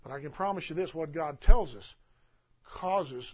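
Husky pastor guy preaching, voice up high, loud then soft, muffled church tape sound. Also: measured pace. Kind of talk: sermon.

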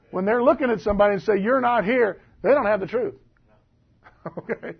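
A man with a high, husky voice preaches a Bible lesson in a folksy, conversational way, putting questions to his listeners. The recording is dull and lo-fi. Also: lively intonation, brisk. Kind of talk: Bible teaching sermon.

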